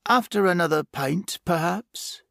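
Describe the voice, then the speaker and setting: A man's voice: high voice, unhurried, creaky, fairly bright tone, no echo, pitched above the performer's own voice, heavily acted. Narrator playing a jovial vicar, wry and dry-humored, voice raised above his own. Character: jovial middle-aged English vicar, man.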